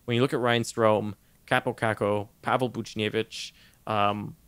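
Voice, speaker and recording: A man co-hosting a podcast in casual sports chat, animated, laughing often and tripping over his words. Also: fairly low pitch, unhurried, clear, resonant tone, dry recording. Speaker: podcast co-host.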